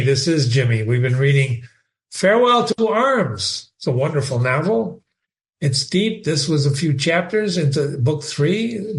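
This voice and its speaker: A man hosting a reading show, explaining a novel in a conversational teaching manner, with rhetorical questions and repeated words. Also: fairly high pitch. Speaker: host and reader.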